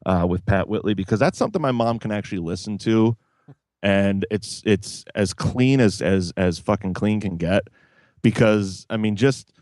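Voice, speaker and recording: A man co-hosting a casual podcast, spinning laid-back stories and chuckling along with his friends. His voice sits on the low side and sounds close and dry, with no room around it. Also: normal speed, a little mellow, no room sound. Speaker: podcast co-host.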